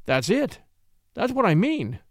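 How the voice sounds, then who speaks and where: A man's voice: high-pitched, huge pitch swings, normal speed, creaky, no room sound, studio quality, full character voice. A man reading the part of a resolute young lawyer, firm and commanding, eager when a plan takes shape. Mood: determined, eager.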